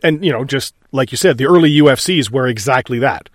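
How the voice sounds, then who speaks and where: A man co-hosting a casual film discussion, animated and quick to act out lines from scenes. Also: medium pitch, no room sound, clean studio sound. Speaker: podcast co-host.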